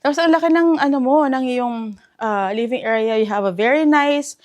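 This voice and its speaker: Filipino lady showing off a house room by room, kinda high voice, excited and chatty, laughs at her own slips. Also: a little fast. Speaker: real estate house tour host. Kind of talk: casual walkthrough tour commentary. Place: inside a house, walking room to room.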